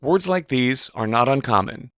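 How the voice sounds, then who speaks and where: A man giving a measured, precise instructional voice-over as a teacher. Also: medium pitch, animated, fairly bright tone, no room sound, studio quality. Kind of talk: scripted instructional narration.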